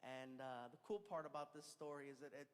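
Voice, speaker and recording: A man in his thirties telling a stand-up comedy story, animated and acting out the people in it. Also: medium pitch, a little fast. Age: 30s. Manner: animated, acts out other voices, shouts and laughs. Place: large performance hall. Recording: large hall with reverb, faint crowd noise.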